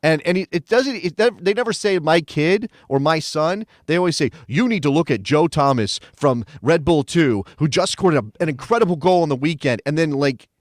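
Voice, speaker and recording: A man co-hosting a casual sports podcast chat, jokey and animated, laughing often. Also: on the high side, moderate pace, few pauses, dry recording, clean studio sound. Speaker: co-host.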